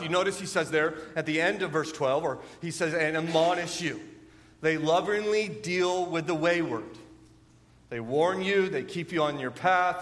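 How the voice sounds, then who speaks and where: A middle-aged man preaching a sermon as a pastor, earnest and repeating phrases for emphasis, growing animated at times. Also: sits high. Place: church sanctuary. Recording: long reverb of a church hall.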